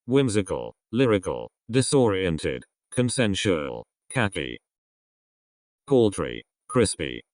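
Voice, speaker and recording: A man reading out an English vocabulary list one word at a time, in a slow, measured way with falling ends. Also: low-pitched, dry recording, studio quality. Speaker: vocabulary reader. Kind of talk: word list read aloud.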